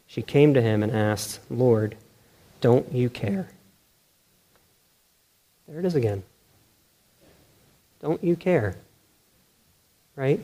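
A man preaching a sermon in a loose, conversational way, often checking in with the room and restarting his sentences. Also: mid-range voice. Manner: conversational, self-correcting, keeps asking "right?"; animated, laughs often. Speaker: pastor.

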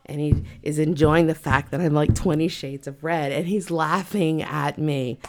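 A woman, a massage therapist, telling a story from work in a casual, animated way and acting out both sides of the exchange. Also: low-pitched, moderate pace, background noise.

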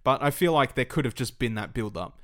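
A man co-hosting a gaming podcast in loose, casual chat. His voice sits at an ordinary middle pitch. He talks with energy, swears freely and slips into mock voices to make his point. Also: lively intonation, a little fast, fairly bright tone. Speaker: podcast co-host.

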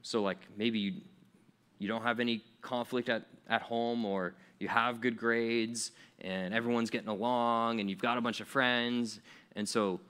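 A man's voice: mid-range voice, fairly even intonation, a little slow, sharp tone, clean tone. A young man giving a casual, conversational sermon to teenagers as a youth pastor, acting out grumbling quotes with fillers and restarts. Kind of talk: sermon to teens.

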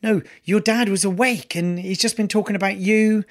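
A man's voice: sits high, steady tone, moderate pace, pitched above the performer's own voice, lightly acted. A man voicing a flustered female hospice nurse who gushes apologies. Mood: flustered apologetic. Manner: gushing, breathless apologies.

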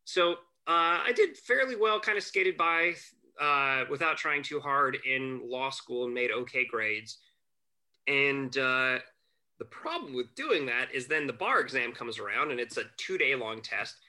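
A man who is a guest on a chat show, telling lively anecdotes and acting out quotes. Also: medium pitch, measured pace. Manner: animated anecdotes, acts out quotes, chuckles. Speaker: podcast guest, family lawyer. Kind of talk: casual storytelling chat.

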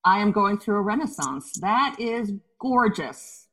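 A woman's voice: mid-range voice, animated, measured pace, a bit bright, slightly rough, poor audio. A woman with a light Boston accent co-hosting a podcast over a video call, gushing and emphatic. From Boston area. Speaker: podcast co-host.

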